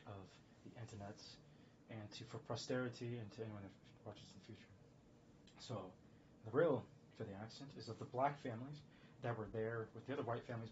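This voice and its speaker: A man's voice: medium pitch, slight background noise. An American man talking in a meandering casual monologue, often correcting himself and chuckling. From United States. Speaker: streamer. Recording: slightly dull lo-fi sound with faint background ambience.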